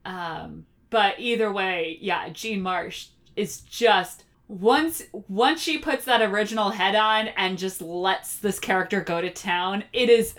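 Casting: a lively woman podcast co-host, casual and quick to laugh. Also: medium pitch. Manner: animated, laughs often, acts out lines. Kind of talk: casual film discussion.

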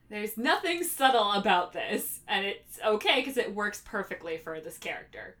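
Casting: a lively woman podcast co-host, casual and quick to laugh. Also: mid-range voice. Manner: animated, laughs often, acts out lines. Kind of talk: casual film discussion.

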